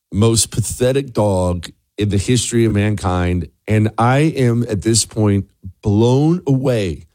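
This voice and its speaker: A man's voice: lowish voice, a little mellow, no room sound, clean studio sound. A man hosting a talk radio show, delivering an opinionated monologue with sarcastic asides and emphatic repetition. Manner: emphatic, repeats words for punch.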